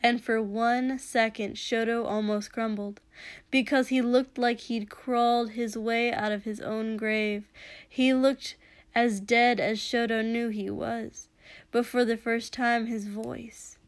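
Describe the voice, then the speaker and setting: A woman narrating a story aloud in a slow, measured way. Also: a little high, little pitch movement, dry recording. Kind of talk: reading fan fiction aloud.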